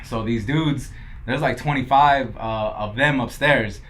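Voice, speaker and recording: A man's voice: mid-range voice, unhurried, a bit bright. A young man from Los Angeles, a podcast guest who tells his story casually, swearing often and acting out what others said. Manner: laid-back, swears a lot, quotes others in dialogue.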